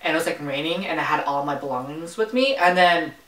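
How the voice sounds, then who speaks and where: A woman's voice: deep voice, animated, fast talker, a bit bright. A young woman hosting a casual mukbang chat, telling travel stories with lots of fillers while she eats. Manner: chatty, eating while talking, filler-heavy storytelling. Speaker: vlogger host. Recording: echoey room, mic at a distance.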